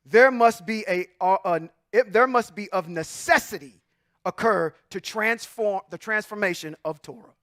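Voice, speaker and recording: A man's voice: sits high, normal speed, no echo, studio quality. A man teaching scripture to a congregation in an emphatic, preacherly way, reading verses and breaking them apart. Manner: emphatic, preacherly, swings between loud and quiet asides. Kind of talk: sermon-style bible teaching.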